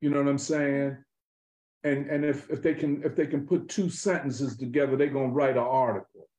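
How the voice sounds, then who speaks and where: A man talking politics in an animated, emphatic way, full of street slang and swearing. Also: mid-range voice, moderate pace, reverberant, dull audio. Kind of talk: political conversation.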